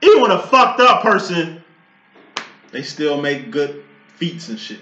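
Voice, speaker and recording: A man in his late thirties talks through a tarot spread in loose, profane tangents. His voice sits high and sounds sharp and forceful, bursting into loud outbursts, with a roomy echo around it. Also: big pitch swings, a little slow, pauses often. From Chicago. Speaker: tarot reader. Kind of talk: casual tarot reading talk.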